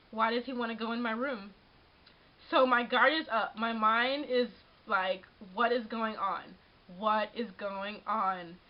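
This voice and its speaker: A young woman with a high, bright-pitched voice tells a story in a casual vlog. She sounds animated and exasperated and keeps saying "like". The audio is dull and lo-fi, as from a webcam. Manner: animated, exasperated, frequent laughs and "like". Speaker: vlogger.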